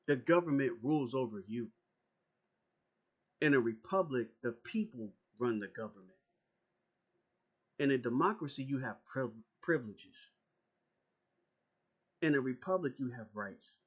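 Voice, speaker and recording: A man's voice: medium pitch, lively intonation, unhurried, pauses often, breathy edge, lo-fi sound. A man delivering an angry, profane political rant as a YouTuber, confrontational and repeating his points.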